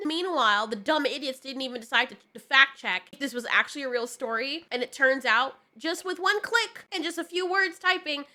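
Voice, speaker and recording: High, bright, animated young woman reacting. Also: moderate pace. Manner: animated, laughs often, mimics people in silly voices. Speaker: YouTube commentator. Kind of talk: reaction commentary.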